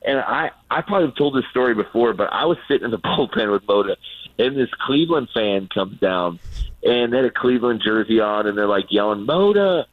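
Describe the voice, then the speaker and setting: A man's voice: on the low side, fairly quick, dry recording. A man, a former player, telling baseball stories in casual chat on a radio show, acting out what people said, with lots of restarts. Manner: animated, acts out quotes, repeats words. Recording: phone-like narrow sound.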